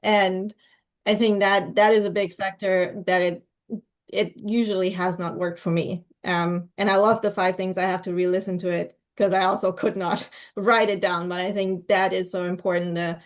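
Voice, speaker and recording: A woman's voice: on the low side, flat delivery, normal speed. Woman reflecting in a casual podcast chat. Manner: reflective, personal, with fillers.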